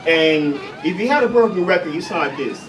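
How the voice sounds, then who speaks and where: Fairly high-voiced stand-up comic man. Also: fairly quick. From Chicago, USA. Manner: loose, profane, deadpan punchlines. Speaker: stand-up comedian. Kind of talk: stand-up comedy. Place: coffee house stage. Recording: distant mic, noisy café room.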